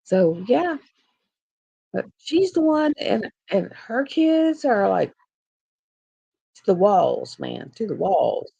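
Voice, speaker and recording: A woman's voice: mid-range voice, sing-song, takes it slowly, gravelly, long pauses, warm tone, husky, no echo, lo-fi sound. An older woman, hosting a casual craft live stream from home on a laptop, chatting in a rambling way and laughing often. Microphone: laptop mic.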